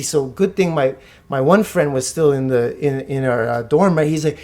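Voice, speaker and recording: A man casually telling a wild story on a podcast, animated and slangy, with frequent swearing. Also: on the high side, fairly quick. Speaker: podcast guest or co-host.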